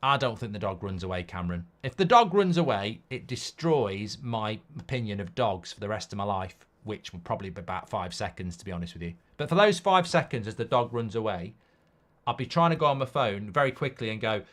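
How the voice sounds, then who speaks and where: Animated man hosting a live watchalong. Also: medium pitch, brisk. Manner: rambling and animated, swears freely, riffs on silly hypotheticals. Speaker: host of a live football watchalong. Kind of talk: casual live-stream chat, reading viewer comments.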